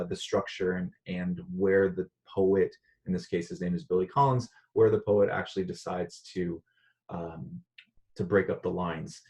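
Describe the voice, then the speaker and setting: A man teaching a recorded online lesson in a relaxed, conversational way, with frequent "uh" fillers. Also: low voice.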